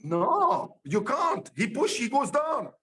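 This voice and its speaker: A man guest telling a story in casual, animated style, acting out other people's lines, laughing often, with halting, broken phrasing. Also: extremely high pitch. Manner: halting, ungrammatical non-native phrasing.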